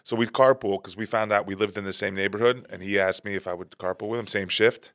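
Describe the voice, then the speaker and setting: A man hosting a podcast, telling stories in casual chat, animated and profane, acting out the people he quotes. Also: lowish voice, quick pace, no echo, studio quality. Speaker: podcast host.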